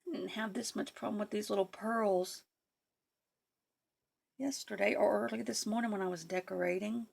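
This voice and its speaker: A woman with a deeply gravelly, fry-heavy voice talks casually through a craft project. She mutters to herself and coaxes her materials along. Her pitch sits in the middle range. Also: normal speed, darkish tone. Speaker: craft vlogger. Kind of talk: casual crafting tutorial chat.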